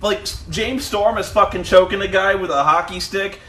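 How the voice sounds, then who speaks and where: Animated high-voiced man in an echoey room. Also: moderate pace. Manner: animated storytelling, acting out wrestlers with shouted impressions. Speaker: podcast co-host. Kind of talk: casual profane chat.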